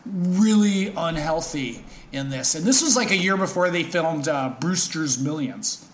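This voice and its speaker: A man co-hosting a podcast in casual chat, relaxed and reflective, with some hesitation. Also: a little high, a little slow, a little hiss or hum. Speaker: podcast co-host.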